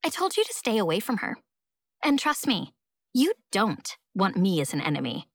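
A woman's voice: medium pitch, huge pitch swings, normal speed, no room sound, clean studio sound, pitched below the performer's own voice. A woman voicing an icy teenage schoolgirl rival. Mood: cold. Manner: icy, taunting.

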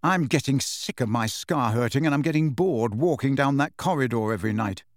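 A man voicing a frustrated teenage boy wizard in an audiobook, flat and defensive. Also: medium pitch, a little fast, no echo, clean studio sound, natural voice. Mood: irritated. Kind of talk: audiobook character voice.

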